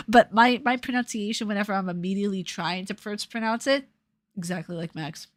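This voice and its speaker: A young woman with a New York accent chats loosely on her stream, drifting between thoughts and cursing casually as she goes. Her voice sits at an ordinary middle pitch. The sound is dry and close, with no room around it. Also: fairly quick, dry recording. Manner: rambling, swears freely, laughs often. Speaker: YouTuber reading live chat. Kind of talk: casual livestream chat.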